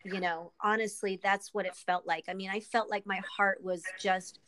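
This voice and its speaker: A woman guest and author in a candid interview, speaking earnestly and with emotion, often pausing with ums and restarting. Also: medium pitch, steady tone, a bit bright, slight background noise, poor audio.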